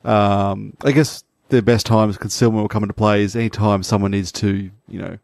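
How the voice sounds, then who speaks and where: A man's voice: lowish voice, level tone, normal speed, creaky, a little mellow, no room sound, clean studio sound. A man co-hosting a tabletop game podcast, joking and a little hesitant in casual chat. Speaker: game master podcast co-host.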